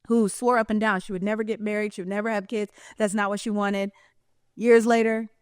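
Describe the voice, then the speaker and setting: A woman's voice: mid-range voice, clear, resonant tone, dry recording. Chatty emphatic woman, dry close sound. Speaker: vlogger. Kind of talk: casual vlog monologue.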